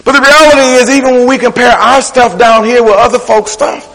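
A man's voice: sits high, lively intonation, moderate pace, hardly any pauses, fairly bright tone, in a large hall, low-quality recording. A man preaching a sermon, with a rhythmic, playful preacherly delivery that repeats words for emphasis. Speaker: pastor. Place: church.

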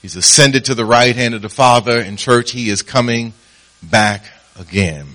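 A man's voice: moderate pace, bright, forceful tone. Man preaching a sermon, storytelling. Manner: storytelling, acts out voices with rising pitch. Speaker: pastor. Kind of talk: sermon with a told joke.

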